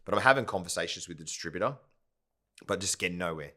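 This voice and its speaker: A founder guesting on a podcast speaks in a deep, bright, forceful voice, animated and quick. Telling his story in a casual interview, he rambles and keeps checking in with "yeah?" and "right?".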